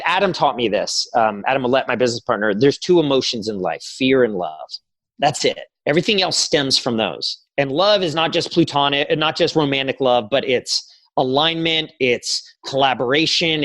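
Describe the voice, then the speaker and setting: A man's voice: medium pitch, a bit bright, no echo, rough recording. A man in his forties, a podcast guest, talking earnestly and reflectively, telling stories and quoting his own inner voice. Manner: earnest, reflective storytelling with quoted self-talk. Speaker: podcast guest, career coach. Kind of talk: conversational interview.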